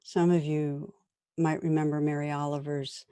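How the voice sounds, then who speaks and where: A middle-aged woman meditation teacher giving a conversational dharma talk to a class, with gentle laughs as she tells stories. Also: sits low, flat delivery, normal speed, smooth, dry recording.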